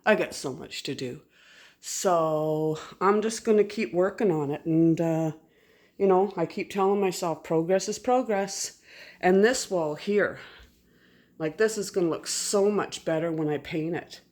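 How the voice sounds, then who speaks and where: A woman's voice: lowish voice, unhurried, a little mellow. A middle-aged woman chatting casually in a home vlog, rambling and interrupting herself as she walks around her house and garden. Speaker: vlogger. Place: house and garden, moving between indoors and outdoors.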